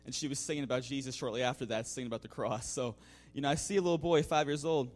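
Speaking quickly in a mid-range voice, this man gives his congregation a casual testimony about a mission trip. He keeps restarting and saying "you know," with an occasional chuckle.

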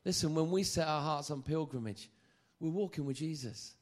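A man preaching a sermon, lively and joking, often stammering and repeating phrases. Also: fairly high pitch, moderate pace.

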